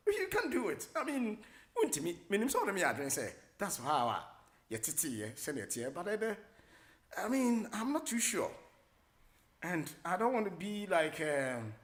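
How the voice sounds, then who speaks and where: A middle-aged man with a Ghanaian accent hosting a radio talk show, rambling casually, mixing English with Twi and filling pauses with many hesitations. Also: high-pitched, huge pitch swings. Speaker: radio host.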